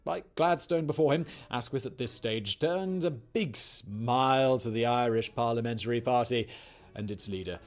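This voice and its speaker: A man's voice: medium pitch, moderate pace, faint music behind. A man narrating a scripted history piece with wry, jokey asides. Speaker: documentary narrator.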